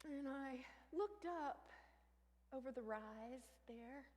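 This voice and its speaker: A woman telling a comic story on stage, animated, with sudden shrieks and hushed asides. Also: sits high, slow. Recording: reverberant hall with faint ambience.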